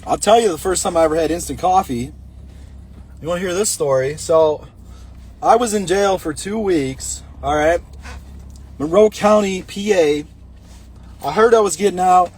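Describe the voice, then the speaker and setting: A man's voice: high voice, moderate pace, pauses often, darkish tone, breathy edge. A young man telling a personal story in a blunt, rambling casual monologue, with a nicotine pouch in his mouth.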